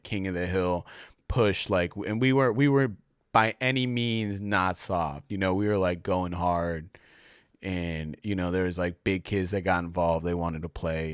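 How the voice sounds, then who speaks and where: A young man talks on his own in a loose, rambling way. He packs in slang and filler words, and his voice sits fairly low. The sound is dry and close, with no room echo at all. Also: clean tone. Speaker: podcast host. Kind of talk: casual solo monologue.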